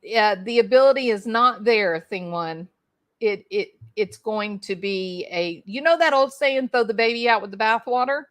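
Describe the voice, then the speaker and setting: Reading the chat on her casual home livestream, a middle-aged woman talks folksily and greets viewers by name. Her voice sits at medium pitch, fairly bright, at a normal speed.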